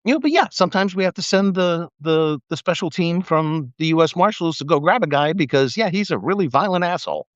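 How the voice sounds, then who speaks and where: On a livestream mic, a man who used to be a cop rants and spins stories in a loose monologue, his voice on the high side and quick with hardly any pauses. He laughs, curses a lot, and performs the quoted voices with animated energy. The audio is dry and dull.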